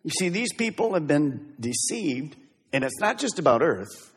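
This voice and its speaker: Emphatic pastor preaching in a reverberant hall. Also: male voice, on the high side, very animated, a little slow, slightly rough. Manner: emphatic, swings from loud exhortation to hushed intensity. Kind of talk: sermon. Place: church sanctuary.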